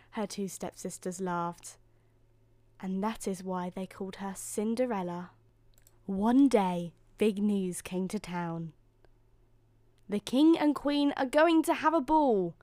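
A woman narrating a bedtime story with a slow, soothing manner. Her voice sits at an ordinary middle pitch, recorded close and dry. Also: warm tone, dry recording. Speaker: host and storyteller.

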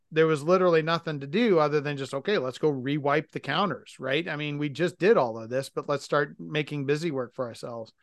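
A man's voice: a little high, no echo, studio quality. A man co-hosting a casual podcast, telling a work story in a rambling way and correcting himself often. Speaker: podcast co-host.

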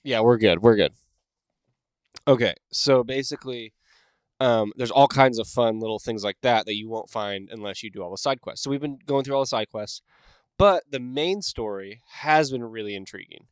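A man's voice: mid-range voice, moderate pace, clean tone, dry recording. A man co-hosting a casual podcast from home, talking in a rambling, easygoing way with many fillers. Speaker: podcast co-host. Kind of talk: casual chat. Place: home room.

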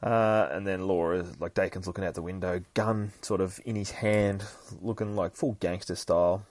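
A man's voice: deep voice, fairly even intonation, normal speed, a little mellow, dry recording. A man hosting a comic book podcast, casually retelling an issue in a rambling, profane way. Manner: rambling and profane, with many fillers.

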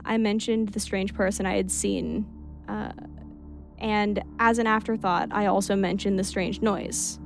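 A woman narrates a spooky first-person tale in an even, mid-pitched voice. She keeps a steady storytelling pace and drops into relaxed asides now and then. Soft music plays quietly underneath. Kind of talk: reading a creepy story aloud.

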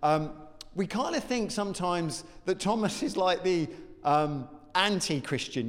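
A man's voice: sits high, expressive, measured pace, long reverb tail. A man preaching a sermon. He talks conversationally and acts out the quotes.

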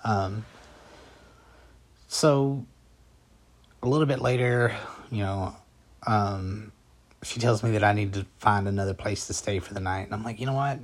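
Low-voiced man telling a story casually. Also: fairly even intonation, unhurried, pauses often. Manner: rambling and conversational, with frequent fillers and restarts. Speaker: vlogger recounting a personal story.

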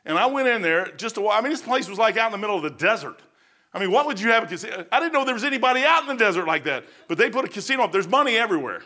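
A man's voice: high-pitched, big pitch swings, rapid-fire, bright, forceful tone. A man preaching a sermon as a pastor, telling folksy stories and rising into fervent preaching.

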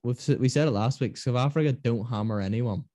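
A man's voice: medium pitch, brisk, dark tone, no room sound, clean studio sound. A man hosting a casual rugby podcast, telling rambling stories. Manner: chatty, rambling storyteller. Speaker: podcast host.

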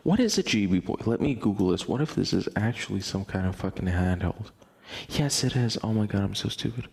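A man's voice: fairly low pitch, lively intonation, fairly quick, gravelly, a little mellow, breathy edge. A young man hosting a casual late-night podcast, rambling, laughing often and swearing casually. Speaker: podcast host.

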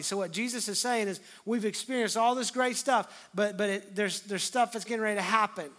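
A middle-aged pastor delivers a sermon in a fairly high voice. He acts out scripture dialogue with feeling and drops to a hush before building back up to loud, emphatic lines. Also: fairly even intonation, brisk, hardly any pauses.

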